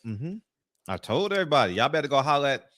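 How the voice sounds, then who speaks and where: A man hosting a casual barbershop chat about boxing, animated and laughing, often mocking others. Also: mid-range voice, quick pace. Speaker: show host.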